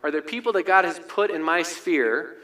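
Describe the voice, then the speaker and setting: Male pastor, sermon, chatty delivery, slightly high register. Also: moderate pace, sharp tone. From United States. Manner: conversational, frequent "right?" asides.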